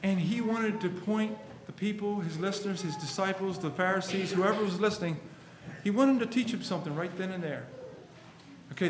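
High-voiced earnest male preacher. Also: reverberant, slight background noise. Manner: earnest, emphatic, quotes scripture at length. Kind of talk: sermon.

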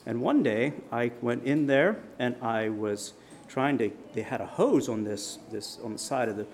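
A man's voice: mid-range voice, lively intonation, normal speed, a little hiss or hum. Man telling a sermon story. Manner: vivid storyteller, dramatic shouts in quotes. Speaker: preacher.

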